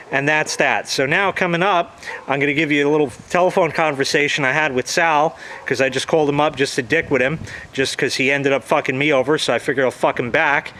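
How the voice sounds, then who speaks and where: A man's voice: fairly high pitch, fairly bright tone, a little hiss or hum. A man ranting casually to his audience, swearing freely and replaying conversations in quoted dialogue. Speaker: vlogger. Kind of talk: casual profane rant.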